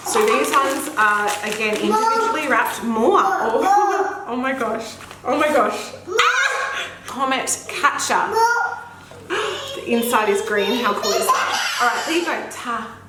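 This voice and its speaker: A woman's voice: on the high side, very animated, measured pace, noisy background. A young woman and mother, gushing and gasping through a makeup unboxing vlog. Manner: gushing, gasps often, effusive exclamations. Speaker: beauty vlogger and mother. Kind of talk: excited unboxing chat. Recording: echoey room with faint ambience.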